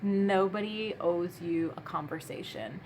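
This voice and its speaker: A woman's voice: on the low side, measured pace, a little mellow, slight background noise. A woman vlogger telling stories in a casual, chatty way, full of fillers and laughing asides. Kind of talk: casual storytime.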